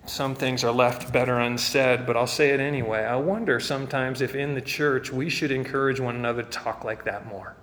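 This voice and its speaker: A man's voice: medium pitch, steady tone, brisk, few pauses, a bit bright, long reverb tail, a little hiss or hum. A man preaching a sermon as pastor, earnest and rising to fervent emphasis.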